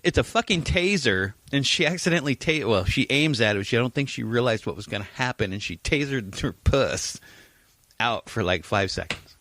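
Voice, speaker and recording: A man's voice: medium pitch, lively intonation, a little fast, fairly bright tone. A man co-hosting a casual podcast, crude and teasing, swearing freely as he tells stories. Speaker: podcast co-host. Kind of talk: casual chat.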